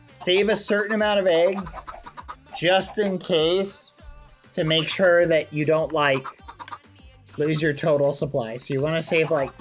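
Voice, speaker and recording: A young man live-streaming a game, chatting playfully with viewers, excitable and self-mocking, with quick yelps. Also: a little high. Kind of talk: casual game livestream chat.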